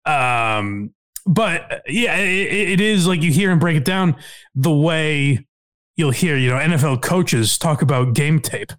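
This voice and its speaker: A man's voice: a little high, expressive, a little slow, a bit bright. A man co-hosting a casual comedy podcast, rambling and laughing with plenty of restarts. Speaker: podcast co-host.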